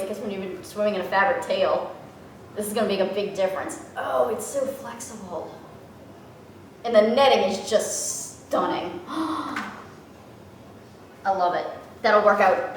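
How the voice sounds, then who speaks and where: A young woman from Louisiana, excitedly unboxing a package and gushing and gasping in delight. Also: mid-range voice, moderate pace, a little hiss or hum. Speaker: vlogger. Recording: echoey room, from a distance.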